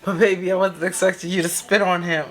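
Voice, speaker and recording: A woman's voice: fairly low pitch, flat delivery, a little fast. A woman hosting a reaction video, chatty and laughing as she comments, calling the listener baby. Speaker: reaction channel host.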